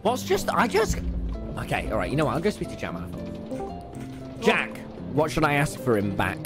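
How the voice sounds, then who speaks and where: A young man commentating his gameplay live, his pitch swinging all over the place as he shouts, swears and rants. Faint game music plays behind him. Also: normal speed. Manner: loud, excitable, swears and shouts often. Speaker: gaming streamer.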